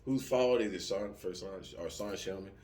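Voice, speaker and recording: A middle-aged man talking casually, telling lively stories with profanity and acting out yelling soldiers. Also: sits low, brisk. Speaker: vlogger answering subscriber comments. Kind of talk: casual chat.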